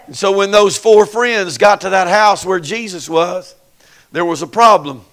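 Male pastor, bright high voice, storytelling sermon delivery. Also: measured pace. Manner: storytelling, building to loud preaching. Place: church sanctuary.

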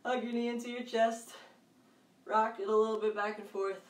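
A woman with a fairly high voice leads children through an exercise session, encouraging them and calling out counts, with loud bursts now and then. She stands back from the microphone in a roomy space at home, so her voice echoes. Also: little pitch movement, normal speed, distant mic. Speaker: fitness coach for kids. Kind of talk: leading a live kids' workout. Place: room at home. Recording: echoey room, voice off-mic.

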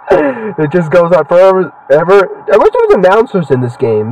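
A young man talks through a video game, loose and excitable, trading cheers for heckles. His voice sits high and leaps all over the place. He sounds a little away from the microphone. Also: measured pace, recorded from a distance, dull audio. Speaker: gaming channel host. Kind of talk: casual gameplay commentary.

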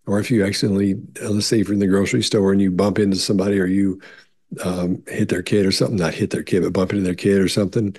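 Husky low-voiced man explaining casually. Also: flat delivery, racing, darkish tone. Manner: rambling, repeats words, many restarts and fillers; acts out quoted voices in higher pitch. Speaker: behavior analyst answering viewer questions.

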